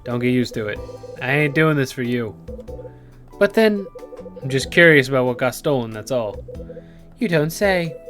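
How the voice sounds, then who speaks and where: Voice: medium pitch, animated, normal speed, long pauses, fairly bright tone, faint music behind, lightly acted. A player reading as a curt sardonic detective. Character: gruff, blunt ex-cop detective, man. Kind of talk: let's play character reading.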